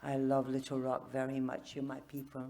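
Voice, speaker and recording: An older woman giving a personal testimony at a recovery meeting, telling her story with humor and laughing often, growing soft and tender on the emotional parts. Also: rumbling low, monotone, moderate pace, very noisy.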